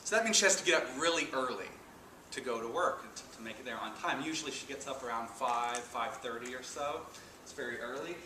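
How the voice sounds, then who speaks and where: A male lecturer speaks with a bright, forward tone and tells his story with animated emphasis. He is recorded from a distance in a reverberant lecture room, with faint noise in the background. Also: medium pitch, brisk. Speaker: philosophy lecturer. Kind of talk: introductory lecture with personal anecdote. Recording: echoey room, speaker off-mic.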